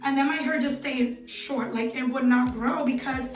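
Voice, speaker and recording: A young woman telling personal stories to camera in a chatty, animated way, acting out quoted voices as she goes. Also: high voice, moderate pace, far from the mic. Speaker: beauty vlogger. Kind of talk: casual storytelling to camera. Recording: roomy, mic set back, soft music.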